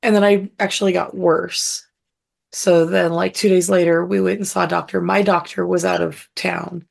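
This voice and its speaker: A woman co-hosting a podcast, hoarse and husky from illness, telling a long story in casual chat with plenty of fillers. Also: on the low side, little pitch movement, normal speed. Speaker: podcast co-host.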